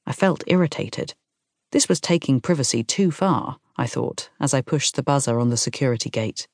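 Calm woman narrating a novel. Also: sits low, no room sound, studio quality. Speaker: audiobook narrator. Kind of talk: scripted first-person narration.

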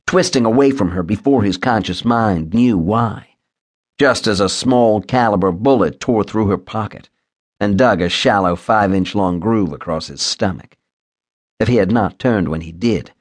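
A man reading a thriller audiobook in a steady, measured storytelling manner. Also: fairly low pitch. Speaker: audiobook narrator. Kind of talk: scripted thriller narration.

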